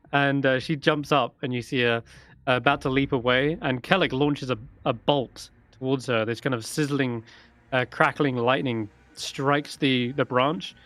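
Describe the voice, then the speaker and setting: A man's voice: medium pitch, fairly even intonation, measured pace, a bit bright. A man narrating a tabletop role-playing game as dungeon master, rambling casually with fillers.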